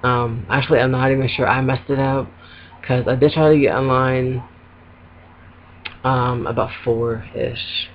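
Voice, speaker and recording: A man vlogs from home, venting casually to his laptop webcam with lots of ums and little laughs as he rambles. His voice is medium-pitched, level, and a bit slow, and the dull lo-fi webcam audio has a slight hiss or hum.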